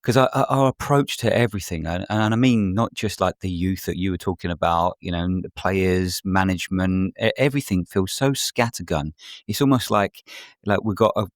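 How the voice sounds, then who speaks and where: A man's voice: sits low, normal speed, no echo, clean studio sound. A man on a football podcast, speaking in a thoughtful way with colorful comparisons. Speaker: podcast panelist. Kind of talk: casual football podcast chat.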